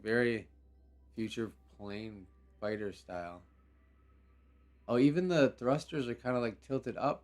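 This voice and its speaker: A young man hosting a game live stream, talking casually with slang and laughing as he reacts. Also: fairly low pitch. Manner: laid-back, laughing, rambling with slang. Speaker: livestream host. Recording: faint background music.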